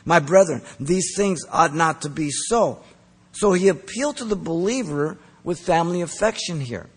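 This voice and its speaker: A man preaching a sermon, earnest and emphatic, pressing his points hard and then dropping soft. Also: a little high, husky. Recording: long reverb of a large hall.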